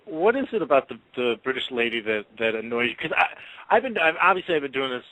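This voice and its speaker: A man's voice: mid-range voice, very animated, fast talker, pushed and bright, poor audio. A man co-hosting an online radio talk show, chatting with lots of fillers and hesitations. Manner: hesitant, many fillers, trailing off. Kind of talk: casual chat.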